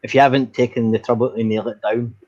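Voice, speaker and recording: Man, Irish accent, husky voice, swearing storyteller, dull lo-fi sound. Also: mid-range voice, level tone, fast, darkish tone, no echo. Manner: swears freely, rambling storytelling with restarts. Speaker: storyteller in group chat. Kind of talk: casual anecdotal chat.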